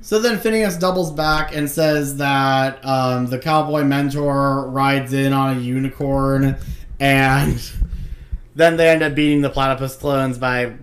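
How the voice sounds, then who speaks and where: A man's voice: medium pitch, clean tone. A man co-hosting a podcast, animatedly retelling cartoon plots in casual chat. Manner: animated retelling, puts on quick voices. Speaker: podcast co-host.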